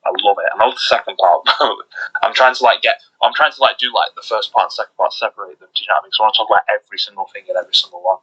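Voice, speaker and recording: A man co-hosting a podcast in casual chat, talking excitedly with lots of restarts. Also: lowish voice, rapid-fire, breathy edge, lo-fi sound. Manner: excited, rambling with many restarts. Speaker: podcast co-host.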